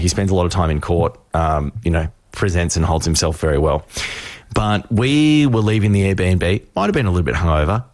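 A male radio host, telling a story with lively acted voices. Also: deep voice, no echo, clean studio sound. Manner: animated storyteller, acts out voices.

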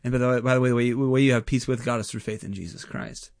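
A man in a mid-range voice, talking as a pastor in a relaxed conversation. His delivery is earnest and animated, full of quick fillers and restarts. The sound is dry and close, with no room around it. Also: medium pitch, no room sound. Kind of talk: casual conversation.

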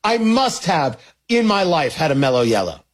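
Male co-host, husky voice, teasing, lots of restarts, lively pitch. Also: moderate pace. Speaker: podcast co-host. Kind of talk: casual chat.

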